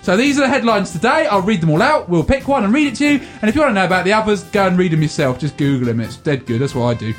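A man co-hosting a casual comedy podcast, reading headlines out slowly and joking around. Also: high voice, lively intonation, faint music behind. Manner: jokey, reads headlines slowly. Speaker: podcast co-host.

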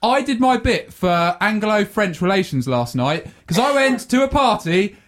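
Podcast host, young man from England, high lively voice, fast and jokey. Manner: fast-talking, jokey, laughs often. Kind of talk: casual podcast banter.

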